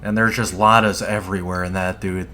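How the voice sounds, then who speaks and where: A man with a fairly low voice talks through his gameplay in a laid-back, rambling way, cursing now and then. Faint music plays underneath. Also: level tone, a little fast, pushed and bright. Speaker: streamer playing a dungeon game. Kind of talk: casual gameplay commentary.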